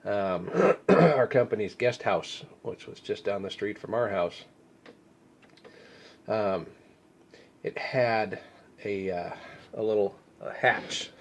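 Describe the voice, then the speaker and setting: Male host, slightly low voice, blocked-nose sound from a cold, dry sarcastic asides, rambles and clears his throat often. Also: darkish tone. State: congested from a head cold. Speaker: news commentary host. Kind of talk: casual deadpan news commentary.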